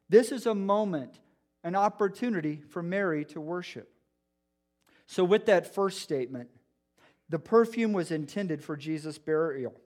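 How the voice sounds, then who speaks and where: A male pastor preaches with earnest emphasis, often doubling back on his words. His voice sits notably high. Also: animated, unhurried, a little mellow. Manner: earnest, emphatic, with frequent restarts. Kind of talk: sermon.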